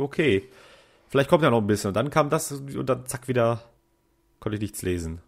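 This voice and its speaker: A man's voice: mid-range voice, expressive, fairly quick, creaky, faint music behind. A man giving casual, mumbled commentary while playing a video game. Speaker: let's play commentator.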